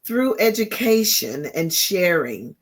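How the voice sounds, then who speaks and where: A woman guest, a grief counselor, calmly explaining grief in conversation. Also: on the low side, takes it slowly. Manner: calm, affirming, explains with a teacher's patience.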